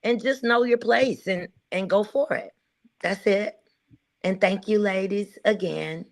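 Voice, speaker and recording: A woman's voice: medium pitch, unhurried. A woman guest speaking bluntly and emphatically in a casual livestream chat. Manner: blunt, emphatic, repeating "okay?". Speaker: guest rider.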